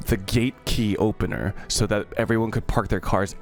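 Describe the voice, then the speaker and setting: A man's voice: lowish voice, normal speed, faint music behind. A young man, a streamer, casually telling a story to his viewers, swearing freely and breaking into laughs and yelps. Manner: animated, profane, laughs and yelps in excitement.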